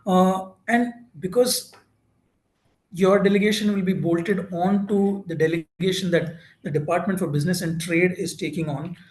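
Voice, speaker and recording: A man's voice: sits high, fairly even intonation, moderate pace, darkish tone, echoey room, poor audio. A man giving an informal presentation at an info session, talking with many fillers and restarts.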